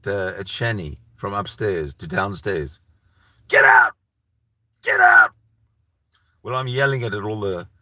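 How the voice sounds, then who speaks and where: On his solo channel, a Canadian host rambles through a livestream in a lowish, fairly bright voice with no room sound. He's heated and profane and keeps restarting sentences.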